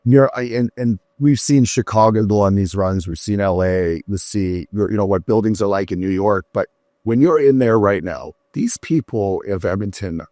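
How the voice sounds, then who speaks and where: A man's voice: lowish voice, moderate pace, mellow, no echo, studio quality. A man in a casual podcast chat, telling heartfelt, rambling stories.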